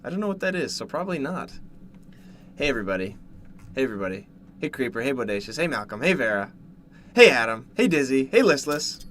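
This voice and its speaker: A man from Canada, streaming casually from home while eating, jumping from loud yelps to low mumbles. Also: fast, long pauses, slight background noise. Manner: excitable, jumps to loud yelps then mumbles. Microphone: desk mic, no headset.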